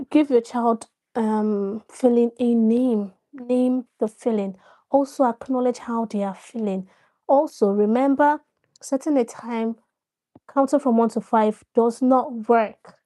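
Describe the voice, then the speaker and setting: Brief: female live stream host, higher pitch, unhurried and coaxing, repeats lines to viewers. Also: dark tone. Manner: coaxing, repeats herself, addresses viewers directly. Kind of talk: casual live stream talk on parenting.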